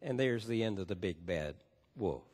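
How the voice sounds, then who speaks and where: A man's voice: fairly low pitch, animated, normal speed, a little mellow. A male pastor preaching a sermon in a church, telling a story with emphatic delivery. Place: church sanctuary. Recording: long church reverb.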